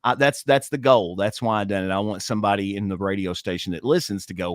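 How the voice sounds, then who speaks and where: A man's voice: lowish voice, fairly even intonation, fast talker, no echo, clean studio sound. A man co-hosting a casual podcast, explaining at length with many fillers and restarts. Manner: rambling, explanatory, lots of fillers. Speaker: podcast co-host and radio worker.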